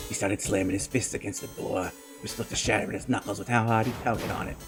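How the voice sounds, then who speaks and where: A man's voice: fairly low pitch, quick pace, over loud music. A man hosting a game playthrough, reading the story text aloud with blurted reactions. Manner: expressive, gravelly read-aloud with blurted reactions. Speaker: let's play host.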